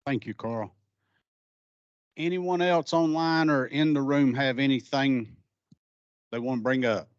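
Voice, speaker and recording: A man's voice: mid-range voice, a little slow, pauses often, clear, resonant tone, dry recording. A man wraps up a meeting in a folksy, easygoing way. His voice sits in a middle range, and the recording is dull and dry. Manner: folksy and friendly. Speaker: meeting chair. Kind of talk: closing a public meeting.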